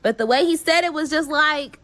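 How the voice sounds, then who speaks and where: A woman with a Bay Area accent tells a story in a casual vlog, her voice high-pitched and brisk. She's animated and slangy, swearing freely and acting out what people said.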